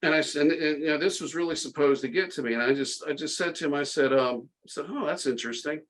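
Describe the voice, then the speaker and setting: A man's voice: fairly high pitch, fairly even intonation, quick pace, a bit bright, poor audio. A middle-aged man, a podcast guest, telling a story in a casual, tongue-in-cheek, sarcastic way, full of restarts.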